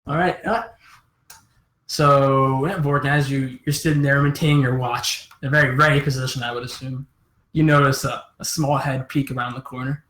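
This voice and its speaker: Male game master, halting narration, roomy sound. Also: mid-range voice, steady tone, fairly bright tone. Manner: halting, restarts mid-phrase.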